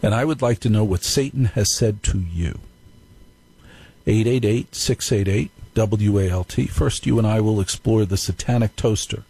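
A man's voice: fairly low pitch, normal speed, creaky, dark tone, slightly rough, rough recording. A man hosting a live call-in radio show, telling stories in a playful, joking way. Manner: playful, jokey storytelling. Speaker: radio talk show host.

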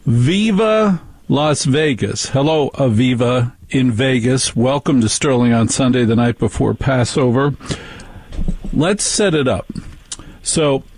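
A man's voice: mid-range voice, slow pace, a little mellow, slightly rough, no echo. Wry male radio host. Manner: dry, wry remarks. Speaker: radio talk show host. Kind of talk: call-in radio hosting.

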